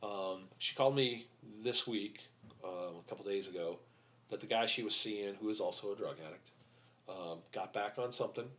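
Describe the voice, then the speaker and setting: A middle-aged man with a somewhat low voice, talking openly as a guest in a podcast interview. He speaks bluntly, swearing at times, and his speech halts often with fillers and restarts. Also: a bit bright. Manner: halting, with many fillers and restarts; blunt and profane. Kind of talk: candid interview talk.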